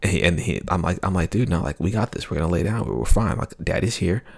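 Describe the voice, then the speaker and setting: A young adult man, a podcast co-host, telling a rambling family story in casual chat with many halting restarts. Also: low-pitched, big pitch swings, gravelly.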